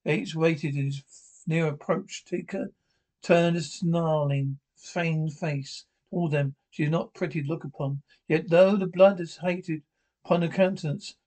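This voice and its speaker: A man with a somewhat high voice reads a classic adventure novel aloud. He stumbles and restarts words often, pressing on through the story in an unpolished, amateur narration. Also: a little mellow, poor audio. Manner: halting, frequent restarts and stumbles. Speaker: audiobook narrator.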